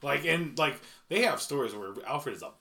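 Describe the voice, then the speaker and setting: A man's voice: medium pitch, gravelly. A man co-hosting a podcast in casual, laughing banter. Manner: animated, fast, laughing banter. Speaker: podcast co-host. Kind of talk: casual chat.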